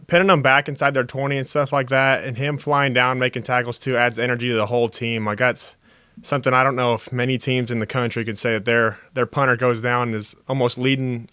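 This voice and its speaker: A young man from Texas, a college football defensive player, answering reporters' questions over a video call in a steady, earnest way with frequent fillers. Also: mid-range voice, clean tone, no room sound, clean studio sound. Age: young adult. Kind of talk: press conference answers.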